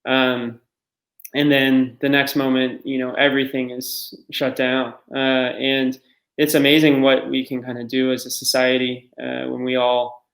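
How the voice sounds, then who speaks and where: A man in his thirties, an emergency doctor, answering interview questions in a reflective, halting way with many fillers. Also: mid-range voice, completely flat delivery, gravelly, fairly bright tone. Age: 30s. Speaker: ER doctor guest. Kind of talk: remote interview. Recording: echoey room.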